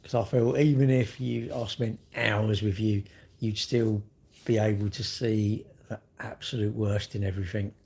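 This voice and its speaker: A man's voice: fairly low pitch, steady tone, moderate pace, gravelly, a little mellow, slightly rough. A middle-aged man hosting a casual livestream, chatting bluntly and jokingly with viewers as he reads their comments. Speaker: livestream host.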